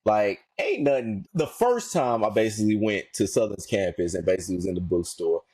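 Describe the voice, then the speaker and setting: A man's voice: lowish voice, a little fast, slightly rough, no room sound. A man co-hosting a casual podcast, slangy and emphatic, repeating himself for effect. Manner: animated, slangy, emphatic repetition. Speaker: podcast co-host.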